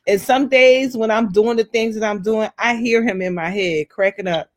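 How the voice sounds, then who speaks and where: A woman in her forties telling personal stories in a casual, heartfelt conversation, acting out what people said with big pitch jumps. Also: normal speed. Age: 40s. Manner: animated storyteller, acts out voices with big pitch jumps.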